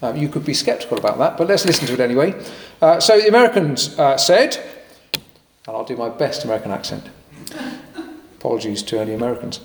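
A man preaching a sermon in a lively, conversational way with occasional fillers and jokey asides. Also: mid-range voice, fast, long pauses, a little hiss or hum. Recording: echoey hall with long reverb.

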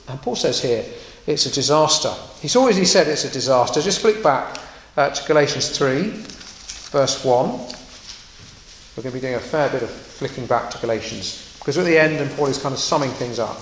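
A man preaching a sermon in a conversational, animated way, slipping into quoted voices and asides. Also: fairly high pitch, vocal fry, echoey room, slight background noise, poor audio.

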